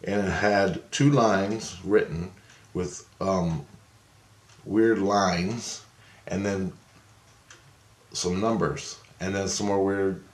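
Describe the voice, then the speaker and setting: A man's voice: sits low, fairly even intonation, drawn-out words, long pauses, roomy sound. A man rambling through a personal story in a casual monologue, restarting and repeating himself. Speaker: vlogger.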